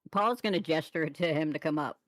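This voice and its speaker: A woman's voice: deep voice, brisk, dry recording. A woman playing a tabletop game, speaking in a dry, understated way. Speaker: player. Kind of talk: tabletop role-play.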